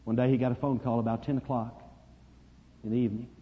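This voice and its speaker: A man preaching a sermon, telling a story dramatically and swinging from hushed to loud. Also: mid-range voice, level tone, quick pace, husky. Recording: dull lo-fi recording, long reverb.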